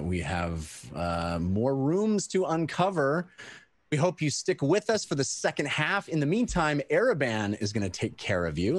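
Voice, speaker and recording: A man's voice: mid-range voice, no echo. A man running a live tabletop game stream, recapping the session and thanking viewers in an upbeat manner. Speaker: game master.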